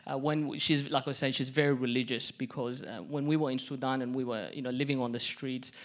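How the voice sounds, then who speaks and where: A young man, performing lively stand-up storytelling on a theatre stage. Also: medium pitch, fast. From Perth, Australia. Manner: animated, chatty storytelling. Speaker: stand-up comedian. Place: theatre stage before a live audience.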